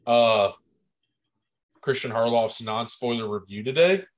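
A man's voice: mid-range voice, unhurried. A man co-hosting a movie podcast, talking in a laid-back, matter-of-fact casual chat. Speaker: podcast co-host.

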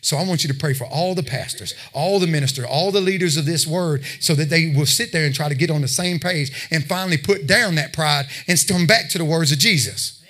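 A man's voice: on the high side, a little fast, few pauses, pushed and bright. Preacher man, conversational and emphatic. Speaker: pastor. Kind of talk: sermon.

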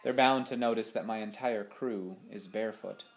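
A man voicing a cool, calculating male pirate captain who speaks low and threatening. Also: moderate pace, natural voice. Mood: scheming.

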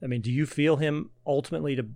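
A man hosts an interview, asking long, leading questions with engaged follow-ups. His voice sits at an ordinary pitch, recorded dry and close with no room sound. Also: fairly even intonation, fast, warm tone, dry recording.

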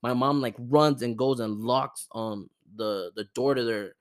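A young man tells a spooky family story on his podcast. He talks loosely and animatedly, stumbling over restarts and dropping curse words. His voice sits at an ordinary middle pitch. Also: a little slow, clean tone. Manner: animated, profane, many fillers and restarts. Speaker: podcast host. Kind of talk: casual storytelling.

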